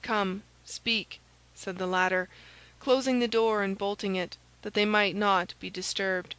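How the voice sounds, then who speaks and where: A woman narrating a classic novel as an audiobook, reading in a steady, even way. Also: mid-range voice, normal speed, clean tone, poor audio. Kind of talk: scripted narration.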